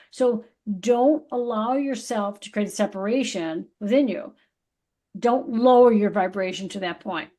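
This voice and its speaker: A woman's voice: mid-range voice, a little mellow. Fired-up middle-aged woman, swearing freely. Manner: emphatic, swears freely, acts out voices of others. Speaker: podcast co-host. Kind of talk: casual spiritual pep talk.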